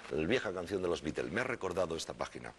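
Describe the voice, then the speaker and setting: A man hosting a TV interview. He reads aloud slowly and dramatically, translates, and often apologizes. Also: sits low, lively intonation, slight background noise. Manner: slow dramatic reading, apologetic. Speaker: TV talk show host. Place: TV studio with audience. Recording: studio music and audience.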